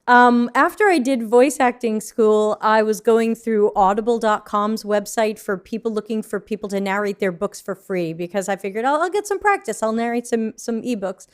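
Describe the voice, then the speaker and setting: A woman's voice: on the high side, normal speed, hardly any pauses, clean tone. A woman from New York co-hosting a casual panel chat, talking bluntly and with fire, swearing freely. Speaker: UX consultant, co-host.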